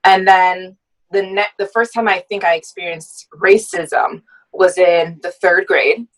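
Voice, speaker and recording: Woman guest, low-ish voice, lots of ums, thinking out loud. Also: steady tone, measured pace, poor audio. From United States. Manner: reflective, many hesitant ums. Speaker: podcast guest. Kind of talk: personal storytelling in a podcast conversation.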